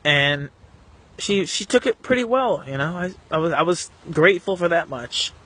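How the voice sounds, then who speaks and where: A man telling a painful personal story to the camera in an earnest, emotional, halting way. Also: a little high, lively intonation, a bit bright. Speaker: vlogger.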